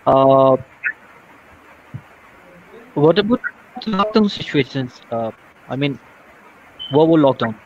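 Hesitant man with a lively voice. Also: mid-range voice, slow, long pauses, a little hiss or hum. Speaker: student asking a question. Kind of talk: question in a live class. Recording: dull lo-fi call audio.

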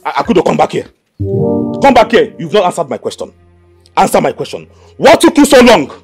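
A man's voice: medium pitch, big pitch swings, moderate pace, mellow, close to an everyday voice. An actor playing a suspicious, domineering Nigerian husband whose voice swings widely as he interrogates. Faint film music plays behind. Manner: interrogating, demanding.

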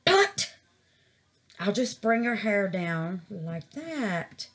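A woman's voice: medium pitch, big pitch swings, very slow. A woman gushing over her resin craft in a casual vlog, calling her viewers baby and y'all.

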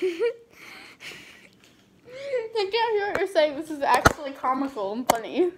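A woman's voice: high-pitched, very animated, unhurried, very noisy. A young woman vlogging while eating, casually teasing and giggling as she pretends not to hear her friend.

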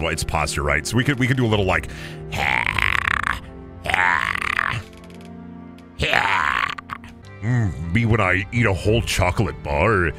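A man streaming a video game, talking crudely and excitably and laughing often. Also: low voice, slow, gravelly. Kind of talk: casual gameplay commentary. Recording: music playing behind the voice.

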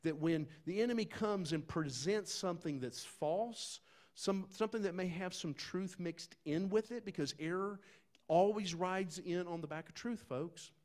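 A man preaching a sermon in a folksy, conversational way, talking straight to the congregation, dropping to quiet asides and rising to loud, emphatic bursts. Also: high-pitched, moderate pace. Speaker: pastor.

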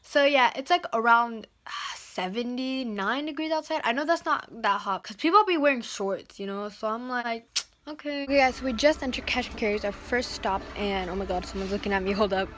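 Bubbly high-voiced teen girl vlogging. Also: brisk, a bit bright. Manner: chatty, bubbly, with slangy asides. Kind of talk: casual vlog chat. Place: home and stores, filmed on the go.

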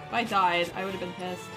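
A young woman giving casual, joking gameplay commentary as a streamer, with bursts of excitement. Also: medium pitch, rough recording. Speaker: let's play streamer.

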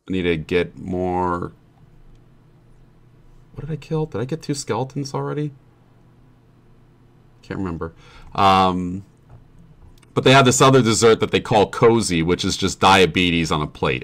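A man's voice: deep voice, a bit bright. Rambling, cussing young man streamer. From New Jersey family. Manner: rambling, profane, sarcastic. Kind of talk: casual chat while gaming.

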